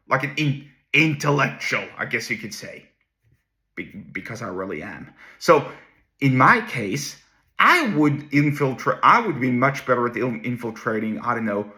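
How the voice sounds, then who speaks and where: A man's voice: mid-range voice, pushed and bright. A man hosting a casual solo talk, rambling with many restarts and asides. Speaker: host.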